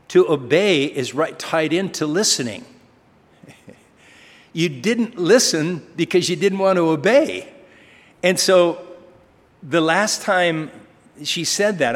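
In a reverberant hall with long reverb, a man serving as pastor preaches a sermon in a voice on the high side. His manner is conversational storytelling mixed with rhetorical questions.

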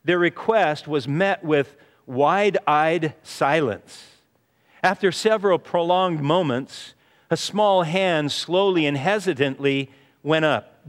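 Male preacher, sermon, earnest storyteller, fairly high voice, long hall reverb. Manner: earnest storytelling, often says "you see". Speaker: pastor.

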